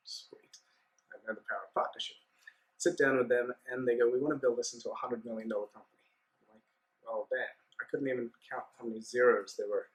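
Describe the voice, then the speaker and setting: Man, podcast guest, casual storytelling, mid-pitched voice. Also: low-quality recording. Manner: animated anecdote-telling with acted-out dialogue.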